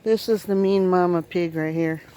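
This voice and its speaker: A woman's voice: on the low side, steady tone, mellow, rough recording. Chatty woman on a flooded farm. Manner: chatty, grumbling jokingly at her animals. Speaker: farm vlogger. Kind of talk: casual vlog narration. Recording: outdoor noise, running creek water. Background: rushing water.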